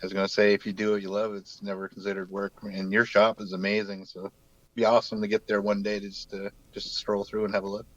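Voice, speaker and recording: A man in his forties from New Brunswick, Canada, with a light local accent, chats as a guest artist on a casual video call. His voice sits on the low side and he talks fast in a completely flat delivery, rambling easily with plenty of fillers. The audio is lo-fi with no echo.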